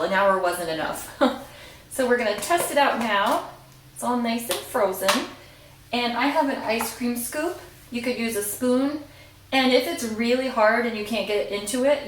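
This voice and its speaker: A woman's voice: medium pitch, roomy sound, slight background noise, low-quality recording. A young woman hosting a casual cooking demonstration, chatty and playful, joking at her own expense. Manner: chatty and playful, laughs at herself. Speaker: cooking video host.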